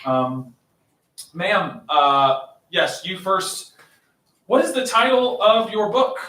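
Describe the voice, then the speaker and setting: A bright, high-voiced man emcees an improv show with lively, swooping intonation. He sounds upbeat and chatty and laughs easily. The mic sits some way off in a roomy space with faint noise. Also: slow pace, recorded from a distance. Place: small coffee shop stage.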